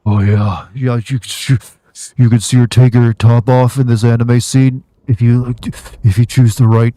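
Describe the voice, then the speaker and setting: A man voicing a sleazy male reviewer of adult games, in a hushed, breathy voice. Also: medium pitch, level tone, moderate pace, dry recording, close to an everyday voice. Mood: leering.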